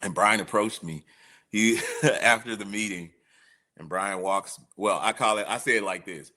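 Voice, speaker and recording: A man's voice: mid-range voice, a little slow, sharp tone. A man as a guest, candidly telling his own recovery story in a slangy, emotional way. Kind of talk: personal recovery testimony.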